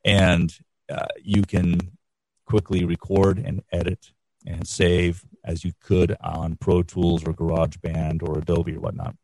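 A middle-aged man speaking as an interview guest, relaxed and explanatory, on a quality studio microphone. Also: low voice, a little slow, no room sound. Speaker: guest, radio instructor and podcast producer. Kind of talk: casual interview answers.

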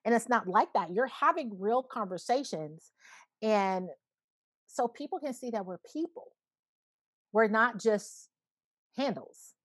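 A woman's voice: fairly high pitch, expressive, measured pace, long pauses, no echo. A woman in her thirties, a podcast guest, talking earnestly and reflectively in a casual conversation, often saying "you know". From Alabama, USA. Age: 30s.

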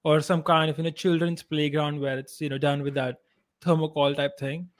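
Male podcast co-host, slightly high voice, relaxed and conversational. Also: moderate pace. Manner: relaxed, conversational, swears casually. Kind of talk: casual podcast chat.

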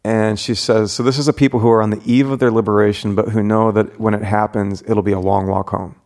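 Low-ish voiced pastor guy, chatty, lots of ums, thinking out loud. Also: little pitch movement, fast talker. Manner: reflective, many fillers and restarts. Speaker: pastor and podcast host. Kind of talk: casual interview chat.

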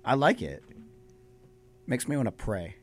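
A young man co-hosting a college sports radio show in a studio, joking around and animated. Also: medium pitch, unhurried. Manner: joking, nervous-sounding picks, animated. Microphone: studio microphone with headphones.

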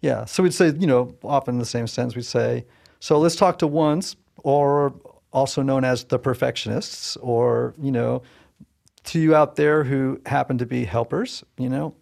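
A man's voice: medium pitch, moderate pace, creaky, a little mellow. A man from Southern Connecticut co-hosting a podcast, talking in a thoughtful, chatty way with many "you know" fillers. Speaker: podcast co-host. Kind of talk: casual podcast chat.

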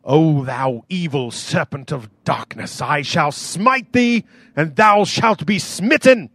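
A man's voice: fairly high pitch, lively intonation, a bit bright, no echo, exaggerated voice. A man putting on a pompous archaic English savior. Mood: grandiose. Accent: English, put on. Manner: archaic, pompous, slow declaiming. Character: grand male savior from old movies, booming theatrical.

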